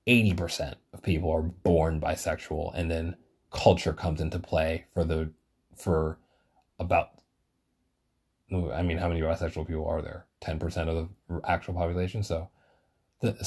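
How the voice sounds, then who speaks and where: A man's voice: low-pitched, warm tone, breathy edge. A man hosting a solo podcast, rambling casually and swearing a lot, with self-deprecating asides.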